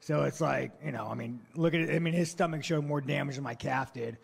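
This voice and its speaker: Gravelly, profane fighter trash-talking. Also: male voice, mid-range voice, a little fast. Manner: profane, blunt, provocative trash talk; mocking, laughs at his own jokes. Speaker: fighter at a post-fight press conference. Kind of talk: brash press-conference answers.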